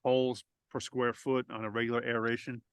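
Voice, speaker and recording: A man chats casually about his lawn business, rambling a little and restarting his sentences. His voice sits at an ordinary middle pitch. The sound is dry and close, with little room around it. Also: little pitch movement, fairly quick, clear, resonant tone, no room sound. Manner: loose, rambling, frequent restarts. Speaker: lawn renovation business owner. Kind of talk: casual interview. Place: outdoors at home property.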